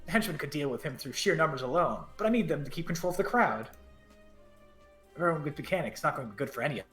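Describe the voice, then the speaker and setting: A man streamer reading a story game aloud, with quick jokey asides. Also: on the high side, soft background music. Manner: fast, lively, joking asides. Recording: roomy echo.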